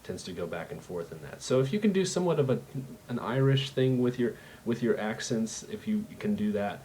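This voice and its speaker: A man's voice: fairly low pitch, expressive, fairly quick, dark tone, a little hiss or hum. A man explaining a voice impression in a loose, rambling way, with many ums and restarts. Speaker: voice impression tutor. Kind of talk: casual how-to tutorial.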